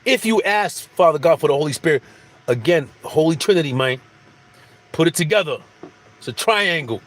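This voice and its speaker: With an animated voice on the high side, a male spiritual speaker talks at normal speed in a casual, wandering monologue. He often restarts sentences and says the same phrases again.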